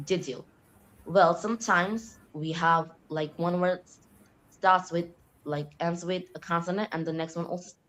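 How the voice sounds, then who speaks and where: A woman's voice: on the low side, low-quality recording. A young woman, a student, answering spoken exam questions on pronunciation, explaining with frequent "like" and small restarts. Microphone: online call.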